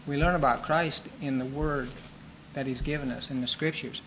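A man preaching a sermon in an earnest, measured teaching manner, pausing with fillers and restarting phrases. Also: mid-range voice, fairly even intonation, fairly bright tone, a little hiss or hum, rough recording.

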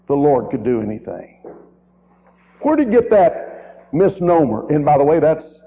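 Preacher man on tinny old tape. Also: a little high. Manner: emphatic, with rhetorical questions and repeated phrases. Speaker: guest preacher. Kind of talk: sermon. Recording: tinny, narrow-band old tape recording.

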